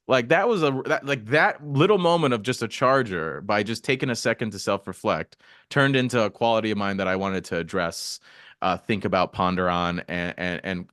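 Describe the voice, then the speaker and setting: A man hosting a podcast, chatting casually and animatedly, with quick asides. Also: mid-range voice, a bit bright, no echo, studio quality. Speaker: podcast host.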